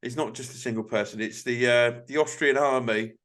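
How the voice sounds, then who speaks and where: A man's voice: mid-range voice, steady tone, fairly quick, a bit bright. A young man co-hosting a casual podcast chat, swearing often and breaking into laughs as he reads aloud. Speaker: podcast co-host.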